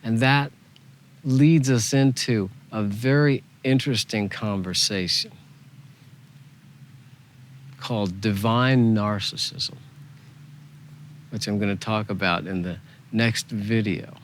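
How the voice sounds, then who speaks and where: A man with a lowish voice talks very slowly as he guides a meditation. His delivery is gentle and unhurried, with soft repeated phrases. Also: slight background noise. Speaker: meditation teacher. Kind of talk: spiritual teaching talk.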